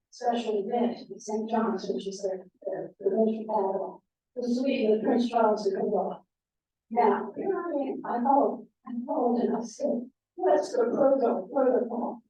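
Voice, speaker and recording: A woman's voice: a little high, mellow. Guest speaker, woman, American, rambling and chatty, recorded far from the mic. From United States. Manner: chatty storyteller, many fillers. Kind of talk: anecdotal talk to a club. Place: club meeting room. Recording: echoey room, voice from far off.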